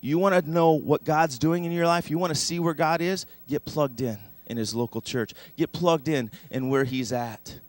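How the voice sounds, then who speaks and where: Emphatic male pastor preaching, higher voice. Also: moderate pace, hardly any pauses, dry recording. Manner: emphatic, leads congregation in call-and-response. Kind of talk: sermon. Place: church sanctuary.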